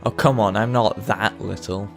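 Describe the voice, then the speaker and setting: A man's voice: lowish voice, steady tone, normal speed, gravelly, faint music behind. A man giving casual, joking, rambling commentary while playing a video game. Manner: joking, rambling, self-deprecating. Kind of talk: casual let's-play commentary.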